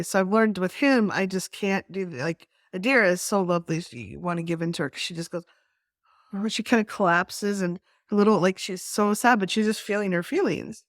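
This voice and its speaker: An animated middle-aged woman co-hosting a workshop, talking casually with frequent restarts and quick role-play of other people. Her voice sits at a middle pitch in a dry, close recording. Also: dry recording. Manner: animated, acts out quoted voices, many restarts. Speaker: workshop co-host. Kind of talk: casual teaching talk.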